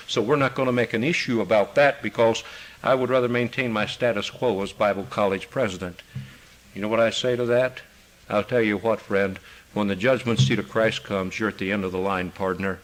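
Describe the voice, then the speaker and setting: Forceful, bright-voiced older male preacher. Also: poor audio. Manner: forceful preaching, retells phone calls with raised pitch. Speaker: pastor. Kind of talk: sermon.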